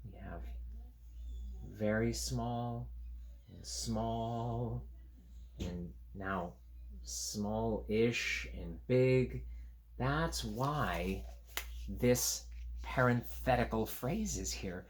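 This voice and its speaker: A man reading a picture book aloud to young children, chatting gently about the pictures between pages. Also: medium pitch, very slow, long pauses, slight background noise. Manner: animated, gentle, talks to young listeners. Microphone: camera on a tripod.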